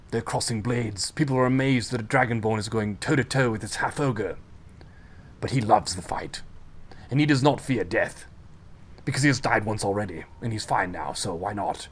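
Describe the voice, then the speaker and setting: A man's voice: mid-range voice, husky. A man game master narrating a tabletop fight dramatically, with spoken sound effects and casual swearing.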